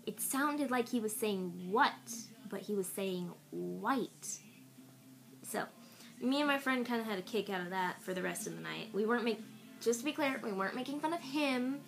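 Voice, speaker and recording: A woman's voice: a little high, animated, fairly quick, vocal fry, low-quality recording. A young woman rambling casually through a haul video, recorded on an iPad. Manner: rambling and offhand, with fillers. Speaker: vlogger. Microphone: iPad camera. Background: faint music from a radio.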